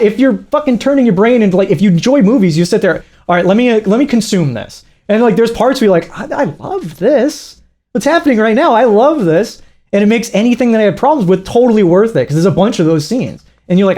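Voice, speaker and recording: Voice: mid-range voice, dark tone. A podcast co-host in casual chat, rambling, swearing freely and mocking, often acting out quotes and laughing.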